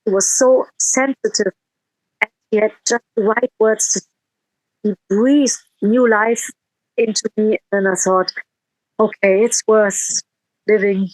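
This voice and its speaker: A woman's voice: medium pitch, steady tone, takes it slowly, long pauses, a little mellow, dry recording, low-quality recording. A woman musician in a casual interview, telling a heartfelt story with quoted dialogue and frequent restarts.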